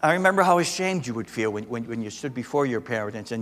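A man preaching a sermon as a pastor, animated, with emphatic rising peaks and frequent restarts. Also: mid-range voice, quick pace, few pauses. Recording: long reverb of a large hall.

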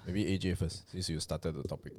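Low-pitched male co-host, easygoing, gently steers the talk. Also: steady tone, fairly quick, dry recording. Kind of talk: casual chat.

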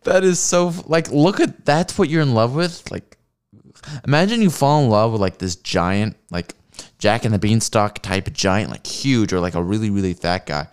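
A man's voice: lowish voice, lively intonation, moderate pace, clean tone. A man hosting a solo comedy podcast, ranting in a rambling, profane and mocking way. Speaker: podcast host.

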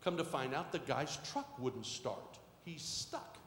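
A middle-aged male pastor preaching a sermon, moving from quiet storytelling to shouted exhortation. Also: mid-range voice, huge pitch swings, measured pace. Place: church sanctuary. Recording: echoey hall with faint noise.

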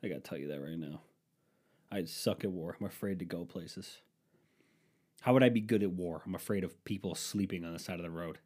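A man with a stuffy nose doing a profane comedy rant at home, swinging between loud outbursts and low mutters. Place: room at home with a dehumidifier running.

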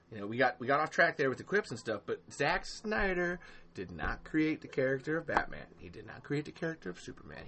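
A man's voice: mid-range voice, pushed and bright. A man hosting a solo livestream podcast, ranting in a rambling, profane way, full of ums and restarts, and breaking off to answer live chat. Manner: reads and answers live chat mid-rant. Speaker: podcast host.

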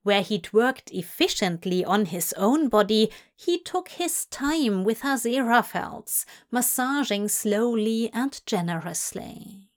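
A woman reading a story aloud in a soft, hushed voice that drifts into whispers. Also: fairly high pitch, expressive, slow pace. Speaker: audiobook reader. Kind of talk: narrating fan fiction aloud.

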